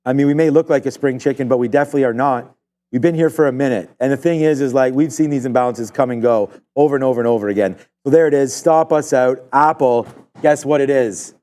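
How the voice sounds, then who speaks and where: A man's voice: medium pitch, quick pace, dark tone. Rambling male trading-show host. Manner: rambling, filler-heavy, thinking aloud. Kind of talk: live trading commentary. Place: trading desk studio.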